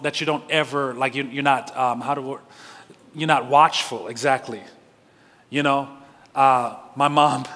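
Pastor: male, slightly high, forceful bright tone, animated storytelling sermon. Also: in a large hall. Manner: animated storytelling with laughs and direct questions to the congregation. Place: church sanctuary.

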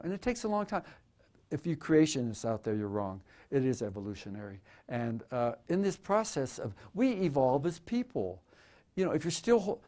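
A man's voice: medium pitch, a little mellow. A man in his eighties, a photographer speaking in a museum auditorium, rambling and joking irreverently, with many stammered restarts as he answers audience questions. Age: 80s. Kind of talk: live talk with audience questions.

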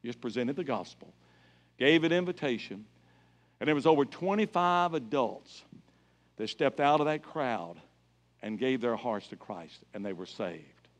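The speaker is a middle-aged guest evangelist delivering an evangelistic sermon in a church sanctuary, his medium-pitched voice animated and a little slow. He stresses his stories and works up to loud exclamations.

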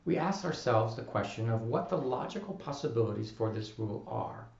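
A male linguistics professor giving a recorded lecture, explaining with measured delivery and carefully enunciated example phrases. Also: mid-range voice, lively intonation, creaky, a little mellow, roomy sound, dull audio.

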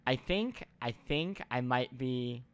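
A man's voice: mid-range voice, animated, takes it slowly, clear, resonant tone. A man casually chatting and joking while playing a video game, sometimes reading game lines aloud. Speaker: game show host. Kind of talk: casual gameplay chat.

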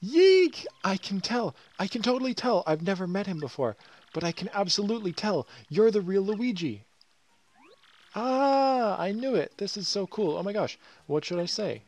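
A man voicing a young girl fan who gushes with squealing, breathless excitement. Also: sits high, moderate pace, voice pushed up. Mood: starstruck.

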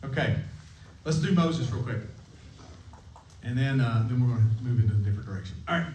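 A man's voice: medium pitch, animated, fairly quick, darkish tone, a little hiss or hum. A man giving a casual, playful sermon to a camp chapel, joking and asking the room questions. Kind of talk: casual sermon to middle schoolers. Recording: echoey room, mic at a distance.

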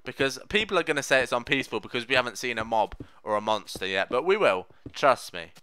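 A young man narrating his block-building gameplay in a bright, clear, smooth voice. He rambles and jokes as he goes. His pitch swoops up and down a lot. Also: animated, fast, no echo. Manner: rambling, jokey, talks to the game animals. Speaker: Minecraft let's player. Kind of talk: gameplay commentary.

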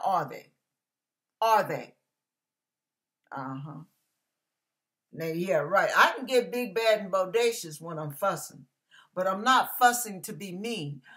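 A woman's voice: fairly high pitch, sharp tone. A middle-aged woman preaching an emphatic, fiery, folksy sermon.

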